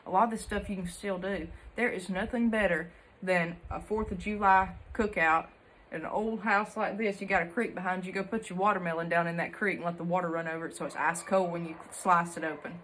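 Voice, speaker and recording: A woman's voice: lowish voice, fairly even intonation, fairly quick, a bit bright, a little hiss or hum. A young woman from Alabama with a Southern accent, telling country childhood stories to her viewers in a chatty, folksy way. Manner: chatty and folksy, uses country sayings and laughs often. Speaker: homesteading vlogger. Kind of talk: casual storytelling to camera.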